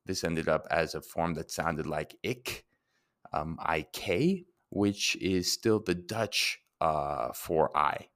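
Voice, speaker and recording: A man's voice: a bass voice, takes it slowly, a bit bright, dry recording, studio quality. A man giving a casual Latin grammar lesson, chatty and self-deprecating, often asking rhetorical questions. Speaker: Latin teacher.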